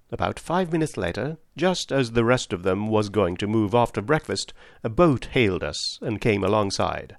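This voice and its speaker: A man narrating a comic story in the first person with a lively, expressive reading. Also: on the low side, moderate pace, creaky, hardly any pauses, dry recording, clean studio sound. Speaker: audiobook narrator.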